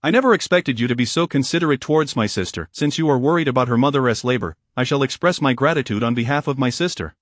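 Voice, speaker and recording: A man voicing a quick-witted young sister who speaks with mock politeness. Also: medium pitch, dry recording, studio quality, lightly acted. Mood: mock-polite.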